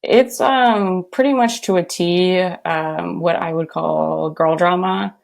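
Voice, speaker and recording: A woman hosting a podcast in casual, animated chat, often laughing. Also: fairly low pitch, takes it slowly, creaky. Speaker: podcast host.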